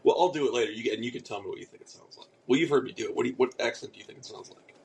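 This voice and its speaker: A man's voice: mid-range voice, very fast, a little mellow, a little hiss or hum, poor audio. A man co-hosting a casual podcast, telling a rambling story with casual swearing and lots of restarts. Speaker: podcast co-host.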